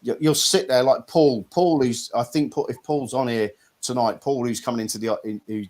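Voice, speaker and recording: Middle-aged male host from Norfolk, England, blunt, chatty, mid-pitched. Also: normal speed, a little mellow. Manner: blunt, chatty, mild swearing. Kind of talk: casual live-stream chat.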